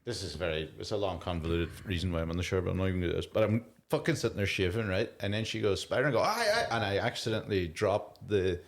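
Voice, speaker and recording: A man's voice: low-pitched, steady tone, very fast, hardly any pauses. A man, co-hosting a casual podcast, telling a rambling, self-deprecating story and laughing often. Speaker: podcast co-host.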